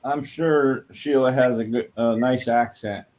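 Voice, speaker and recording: A man co-hosting a casual live stream, talking slowly and easily to viewers. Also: mid-range voice, steady tone, a little mellow.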